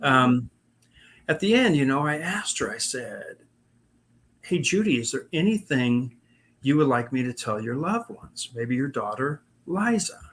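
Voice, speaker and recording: A man's voice: mid-range voice, sing-song, a little slow, a bit bright. Guy chatting about ghost encounters, lots of ums and restarts, rambly. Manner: rambling, many fillers and restarts. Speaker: paranormal investigator guest. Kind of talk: casual storytelling.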